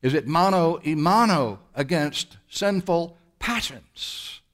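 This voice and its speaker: A man's voice: fairly high pitch, lively intonation, slow, fairly bright tone. Emphatic male preacher posing rhetorical questions. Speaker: pastor. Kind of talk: sermon.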